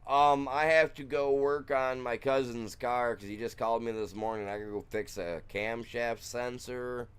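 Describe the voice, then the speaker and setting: A man's voice: mid-range voice, fairly even intonation, normal speed, fairly bright tone, clear, resonant tone. A man streaming a game from his room at home, chatting casually and rambling, trailing off and restarting, with chuckles. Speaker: gaming streamer. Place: room at home with blacked-out windows.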